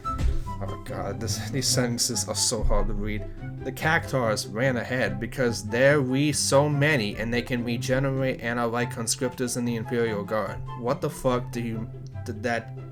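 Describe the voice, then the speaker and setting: A man reading a bad fanfic aloud with sarcastic, exasperated comic asides. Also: mid-range voice. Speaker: comedy reviewer reading fanfic. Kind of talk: mocking commentary on a reading. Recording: music playing behind.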